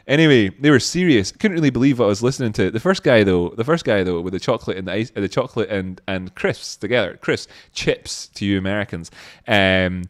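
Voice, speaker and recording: A man's voice: lowish voice, expressive, brisk, no echo, studio quality. Laid-back Scottish man chatting on a livestream. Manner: rambling, laid-back, with frequent fillers. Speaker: livestream host. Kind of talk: casual livestream chat.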